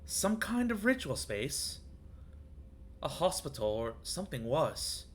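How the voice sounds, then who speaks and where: A man's voice: on the high side, very animated, slow pace, a little hiss or hum. A man streaming a video game, musing aloud as he reads and translates in-game text and greets viewers in chat. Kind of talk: live gaming commentary.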